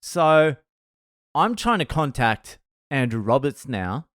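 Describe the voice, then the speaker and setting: A man retells a night out in a profane, animated monologue, laughing at his own story. His pitch sits mid-range, and the close mic gives a dry, roomless sound. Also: slow, dry recording. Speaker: podcast host.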